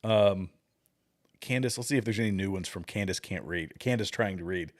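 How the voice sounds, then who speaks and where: A man's voice: low-pitched, moderate pace. A middle-aged man hosting a livestream, chatting casually with viewers, rambling and chuckling at clips. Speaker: livestream host.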